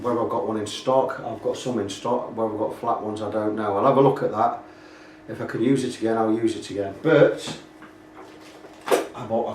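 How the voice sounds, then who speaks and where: A man's voice: lowish voice, darkish tone, slight background noise. A British man talking casually through a guitar repair, rambling and pointing out faults as he goes. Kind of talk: casual workshop walkthrough. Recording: echoey room, mic at a distance.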